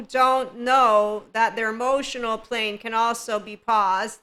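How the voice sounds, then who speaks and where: A woman's voice: a little high, steady tone, slow pace, hardly any pauses, bright, forceful tone. A woman hosting a spiritual self-help podcast, talking in a playful, rambling way and laughing often. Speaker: podcast host.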